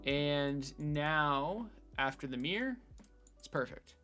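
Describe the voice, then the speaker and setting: A man thinking out loud in a casual screen-recorded build log, hesitant with many fillers and restarts, from his room at home. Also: on the high side, lively intonation, slow, faint music behind. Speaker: hobbyist robot builder. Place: bedroom at home.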